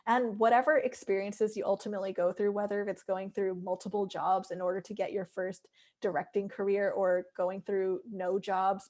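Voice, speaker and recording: A woman's voice: medium pitch, mellow. Reflective young woman losing her voice. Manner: reflective, rambling with many "like" fillers. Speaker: interview guest, animation director. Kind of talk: casual interview.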